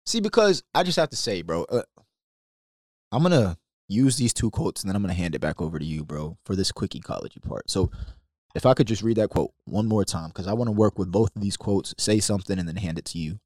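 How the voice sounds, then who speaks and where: A young adult man co-hosting a faith podcast, animated and preachy, calling his partner "bro" again and again. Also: lowish voice, fairly quick, no room sound, clean studio sound. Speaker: podcast co-host. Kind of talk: passionate faith discussion.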